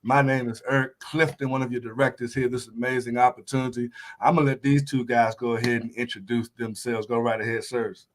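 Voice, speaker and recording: A man's voice: mid-range voice, flat delivery, brisk, few pauses, slight background noise. A man hosting a business motivation livestream, hyping it up with catchphrases. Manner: hype, shouting catchphrases. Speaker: host. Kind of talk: upbeat business livestream chat.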